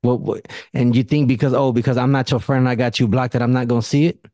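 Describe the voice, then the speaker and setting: Dude hosting a podcast, dark mellow voice, blunt and cussing a lot. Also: male voice, medium pitch, steady tone, fast talker, no room sound, clean studio sound. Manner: blunt storyteller who swears freely. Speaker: podcast host. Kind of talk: casual podcast conversation.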